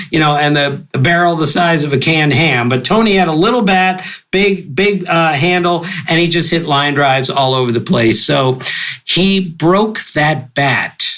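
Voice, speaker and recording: Older guy sportswriter telling stories, super animated, voice jumps way up for the funny parts. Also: rough recording. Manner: animated, exuberant storyteller with big pitch jumps. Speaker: guest sportswriter. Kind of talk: storytelling interview.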